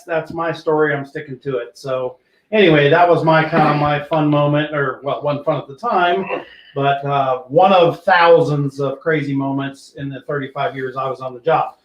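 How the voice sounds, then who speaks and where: An older man, a retired police sergeant, hosting a podcast and telling an animated, profane story that acts out what people said. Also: on the high side, moderate pace, echoey room, low-quality recording. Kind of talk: casual storytelling.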